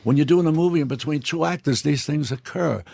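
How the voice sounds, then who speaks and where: A man, a guest in an interview, telling profane anecdotes in a blunt, animated way and acting out the dialogue. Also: fairly high pitch, fairly quick, creaky, dry recording.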